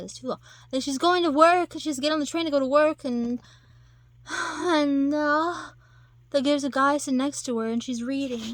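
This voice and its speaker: Woman with a gravelly, creaky voice. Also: a little high. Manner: rambling, many fillers and restarts. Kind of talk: casual chat.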